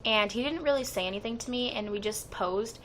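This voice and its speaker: A woman's voice: a little high, a little fast, slight background noise. Chatty young woman telling a fan story. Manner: chatty and excitable, quoting others with "like". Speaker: fan vlogger. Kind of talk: casual storytelling vlog.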